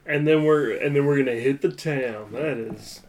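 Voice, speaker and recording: A man, co-hosting a casual podcast and teasing the others with quick comebacks. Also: mid-range voice, a little mellow. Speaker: podcast co-host.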